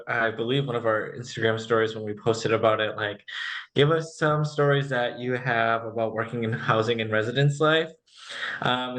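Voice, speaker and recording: A man on a casual podcast reading out a submitted story in a plain, measured way. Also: medium pitch, a bit bright. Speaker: podcast co-host.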